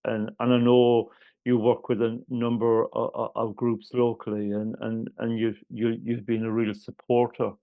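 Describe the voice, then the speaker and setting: A man's voice: medium pitch, monotone, moderate pace, no echo. A man hosting a podcast interview, who stammers and repeats words while asking his questions. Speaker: podcast host. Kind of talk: interview conversation. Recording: dry, phone-like line.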